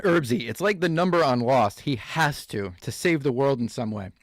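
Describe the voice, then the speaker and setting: A man hosts a comedy reaction show, laughing at clips and riffing sarcastically. His mid-range voice is expressive and paced normally, captured in a dry, clean studio recording.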